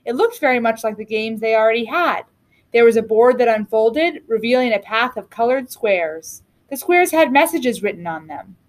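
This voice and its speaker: Teacher reading a picture book aloud to children, clear and expressive, a bit high. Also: female voice. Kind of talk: storybook reading.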